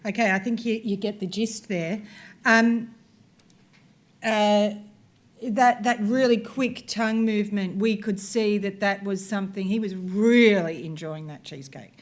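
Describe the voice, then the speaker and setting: A woman's voice: medium pitch, steady tone, unhurried. Woman researcher explaining a workshop. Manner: conversational, explanatory, talks through clips. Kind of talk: conference presentation with video examples.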